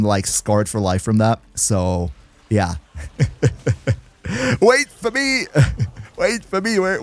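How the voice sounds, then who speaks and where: A mellow, medium-pitched male voice. He's livestreaming a game, chatting casually, laughing a lot, and replying to viewers in the chat while he plays.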